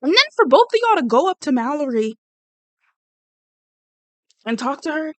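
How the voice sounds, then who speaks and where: A woman's voice: sits high, big pitch swings, moderate pace, no echo. A woman giving blunt, rambling, sassy commentary on a reality show. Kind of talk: casual reaction commentary.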